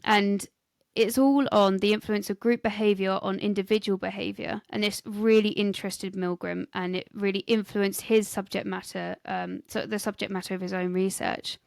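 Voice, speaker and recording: A woman's voice: mid-range voice, steady tone, moderate pace, creaky, no room sound. A British woman co-hosting a history podcast, chatting casually and reading some scripted lines. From Britain. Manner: chatty, giggly, reads scripted bits. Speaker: podcast co-host presenting history. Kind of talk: casual chat.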